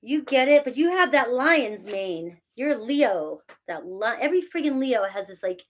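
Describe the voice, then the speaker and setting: Middle-aged woman, casual live chat, slightly high voice, laughs a lot, self-mocking. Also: very animated, normal speed. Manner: chatty and self-mocking, reads out viewer names, laughs often. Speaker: tarot reader talking to live chat.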